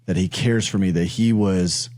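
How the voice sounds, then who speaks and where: A man hosting a faith interview, asking calm, reflective questions. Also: low-pitched, normal speed, dry recording. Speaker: host.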